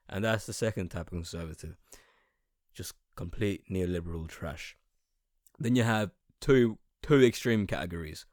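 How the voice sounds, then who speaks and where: Deep-voiced young man, profane and sarcastic. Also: no echo, studio quality. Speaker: podcast host. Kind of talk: casual podcast rant.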